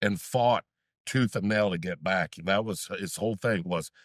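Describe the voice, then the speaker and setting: Deep-voiced man co-hosting a chat. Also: normal speed, no room sound, studio quality. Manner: relaxed, chatty, adds comments to the guest's story. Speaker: co-host. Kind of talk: casual chat.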